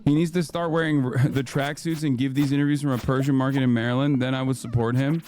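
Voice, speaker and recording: A young man streaming, giving sarcastic, profane reaction commentary in a fast riffing manner. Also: medium pitch, fairly even intonation, darkish tone, slight background noise.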